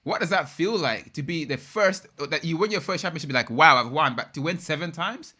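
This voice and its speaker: A young man hosts a live watch-along of a race and reacts in an excitable, slangy way. His voice is bright and forward and sits a little high, and he keeps chatting straight to his viewers between reactions. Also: fairly quick. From United Kingdom. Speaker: live stream host.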